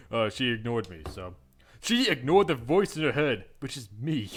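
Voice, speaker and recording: Animated, joking young man. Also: medium pitch, normal speed. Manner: joking, self-mocking, laughing often. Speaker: gaming channel host. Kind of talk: playthrough commentary reading a visual novel aloud.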